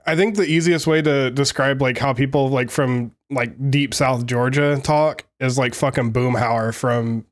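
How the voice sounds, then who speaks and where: A man in an easygoing podcast chat who talks in loose, wandering sentences. He swears freely and leans on filler words. His pitch sits right in the middle for a man. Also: fairly even intonation, a little slow, few pauses. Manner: rambling, filler-heavy, swearing, laughing. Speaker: podcast co-host.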